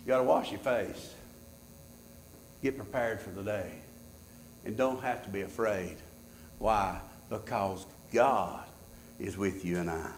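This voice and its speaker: A pastor preaching a sermon in church, swinging between loud high peaks and low, quiet asides. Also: male voice, slow, long pauses, roomy sound.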